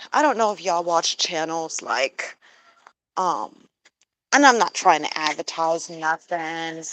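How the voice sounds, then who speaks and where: Woman vlogger, slow easygoing talk, rambling with fillers, chuckles often, chores in a goose coop. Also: on the low side, rough recording. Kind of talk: casual chat while doing chores.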